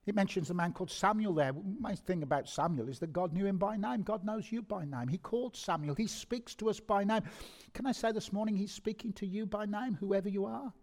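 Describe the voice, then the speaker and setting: A man's voice: high-pitched, brisk. A middle-aged man preaching a sermon in an earnest, conversational way, repeating words and asking rhetorical questions. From England. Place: church hall. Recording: long reverb of a church hall.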